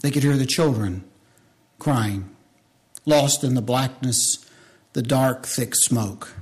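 An unhurried, medium-pitched man preaches to his church with passion, alternating loud appeals and hushed storytelling. Folksy remarks to the congregation are sprinkled throughout.

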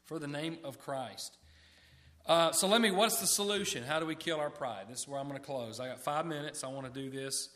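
A man's voice: fairly high pitch, brisk, a bit bright. A man preaching a sermon in a conversational way, often repeating words and asking the listeners questions.

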